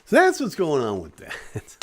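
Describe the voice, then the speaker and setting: Animated joking male live-stream host. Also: fairly high pitch, a little slow. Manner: jokey, playful asides while reading. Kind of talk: casual live-stream chat reading celebrity news.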